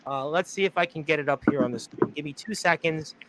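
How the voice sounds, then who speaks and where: A man hosting a casual wrestling talk show, excitable and quick to laugh. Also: fairly high pitch, noisy background. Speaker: host. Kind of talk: casual podcast chat.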